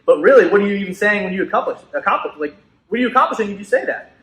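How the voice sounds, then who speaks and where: A man co-presents a youth Bible lesson in a casual, halting way, often circling back with "like" and restarted phrases. His voice sits somewhat high for a man. The sound is roomy and echoey. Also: animated, fairly bright tone. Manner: hesitant, many fillers and restarts, casual. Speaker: co-presenter in student ministry. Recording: echoey room.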